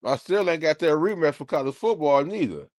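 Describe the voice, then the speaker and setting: A man streaming, ranting casually to his live chat in an animated, profane way. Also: fairly high pitch, fairly quick, no room sound, studio quality.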